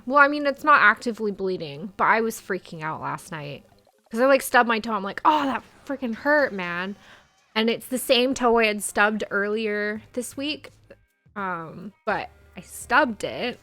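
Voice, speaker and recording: A woman's voice: medium pitch, lively intonation, a little slow, bright, forceful tone, soft background music. A young woman streamer telling a story in casual live-stream chat, full of "like" fillers. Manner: chatty storytelling, frequent "like" fillers.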